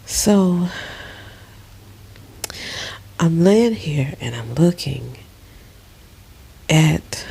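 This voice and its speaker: A middle-aged woman lying in bed in a dark bedroom, talking slowly and emotionally in a soft, often half-whispered voice. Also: deep voice, creaky, slightly rough. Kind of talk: casual personal vlog.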